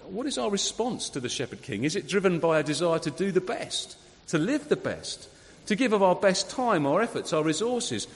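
A man preaching a sermon, conversational and lively, full of rhetorical questions. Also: a little high. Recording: long hall reverb.

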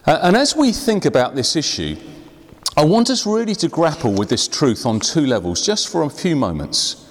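A man preaching, his voice swinging widely from high to low as he drives points home and slows for weight. His words ring out with a long hall reverb around them. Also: sing-song. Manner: preaching with sweeping rises and drops, slowing for emphasis. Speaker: pastor. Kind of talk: sermon. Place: church hall.

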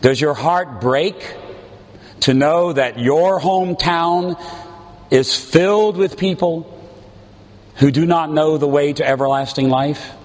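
A man preaching a sermon as a pastor, with a slow, earnest, pleading delivery and dramatic pauses. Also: fairly high pitch, big-room sound.

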